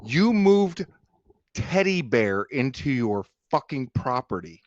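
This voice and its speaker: A man's voice: medium pitch, very animated, slow pace, no echo, highs cut off. A ranting, swearing man. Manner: angry, profane, jeering rant. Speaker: panel guest. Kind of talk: heated livestream panel rant.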